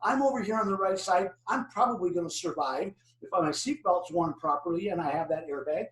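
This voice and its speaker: An older man presenting driver safety, telling animated stories and putting questions to his audience. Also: sits high, brisk. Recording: echoey room, distant mic.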